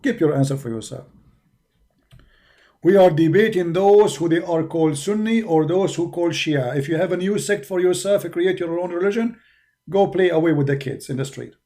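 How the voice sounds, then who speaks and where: Arabic-accented man, gravelly and dark-toned, emphatic debater who mocks his opponents. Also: fairly high pitch, moderate pace. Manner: combative, mocking, emphatic. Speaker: religious debater. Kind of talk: polemical monologue.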